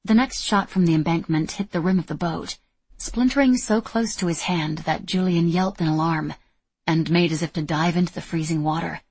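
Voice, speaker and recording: A woman reading a novel aloud in steady, measured scripted narration. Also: fairly low pitch, breathy edge, dry recording. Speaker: audiobook narrator.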